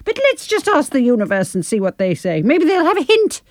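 A woman co-hosting a chatty advice show with a playful, teasing manner. Her voice sits fairly high and moves a lot in pitch, recorded close and dry. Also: sing-song, no echo. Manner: playful, teasing, quick asides. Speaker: podcast co-host. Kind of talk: casual advice chat.

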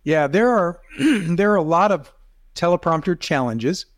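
A man's voice: high voice, animated, measured pace, dry recording, clean studio sound. A middle-aged man, a video coach, explaining as a podcast guest in casual talk, demonstrative with rising and falling emphasis.

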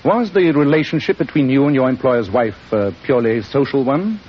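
An actor playing a shrewd, cool-headed detective in a vintage radio drama, speaking crisply with dry irony. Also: male voice, mid-range voice, animated, brisk, natural voice. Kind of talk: 1940s radio acting. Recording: muffled old radio broadcast with faint hiss.

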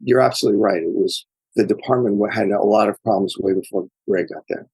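A man's voice: lowish voice, quick pace, darkish tone, slightly rough, dry recording, rough recording. A man answering interview questions as an author guest, speaking in a thoughtful, digressive storytelling way.

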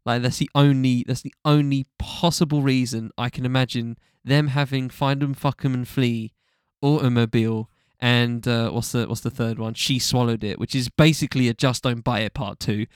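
Guy rambling thru an album review, smooth clear voice, dry close sound, lots of ums. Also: medium pitch, steady tone, moderate pace, no echo. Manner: rambling, frequent fillers and restarts, swears casually. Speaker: podcast co-host. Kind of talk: casual music review chat.

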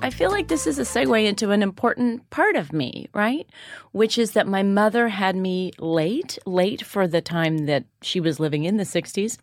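A woman speaking as a guest, thoughtful and measured about her past. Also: medium pitch, animated, soft background music. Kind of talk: reflective interview talk.

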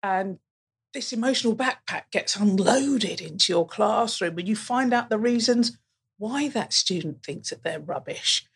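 A middle-aged woman talks as a podcast guest, with a slightly husky, breathy voice. She tells classroom stories in a lively way and acts out both sides of the back-and-forth with her students. Her pitch sits in the middle of the usual range for a woman. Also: unhurried. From England. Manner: animated storytelling, acting out pupils' replies. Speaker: guest, college curriculum manager and teacher. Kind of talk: casual podcast conversation.

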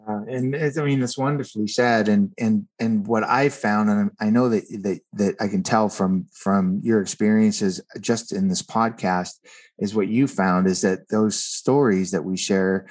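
A man's voice: lowish voice, fairly even intonation, a little slow, darkish tone. A man, a guest and author, telling a personal story in an earnest conversational way, often repeating words as he starts a thought.

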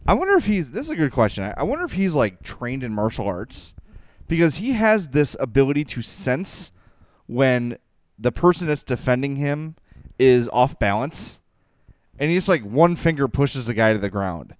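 Animated excitable man, smooth dry voice. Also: mid-range voice, moderate pace, no echo. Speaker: podcast co-host. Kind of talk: casual sports chat and sponsor read.

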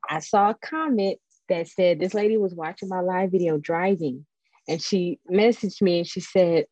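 Chatty woman with a dark, dry voice. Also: fairly low pitch, moderate pace, no echo, lo-fi sound. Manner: chatty, digressive, animated storytelling. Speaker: spiritual guest. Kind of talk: casual spiritual chat.

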